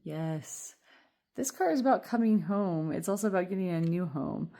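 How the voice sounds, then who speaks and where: A woman's voice: lowish voice, lively intonation, normal speed, creaky, mellow. A woman giving a casual, reassuring tarot reading, chatty and rambling with fillers. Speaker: tarot reader.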